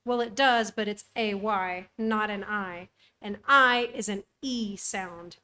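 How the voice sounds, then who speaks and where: A woman's voice: medium pitch, takes it slowly, sharp tone. A young woman co-hosting a travel podcast, chatting casually with frequent ums. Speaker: podcast co-host. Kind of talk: casual chat.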